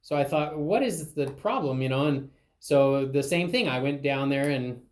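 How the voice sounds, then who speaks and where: A woman's voice: a bass voice, animated, normal speed, a little mellow. Woman interviewer telling a story. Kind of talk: conversational storytelling.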